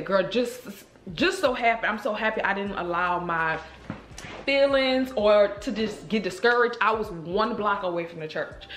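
A woman vlogger telling a story to her viewers in a chatty, animated way, speaking straight to the camera. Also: medium pitch, moderate pace. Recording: roomy echo.

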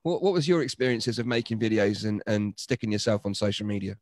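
A man's voice: lowish voice, fairly even intonation, quick pace, a little mellow. A man hosting a livestream interview, asking questions in a teasing, informal way over a video call. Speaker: host.

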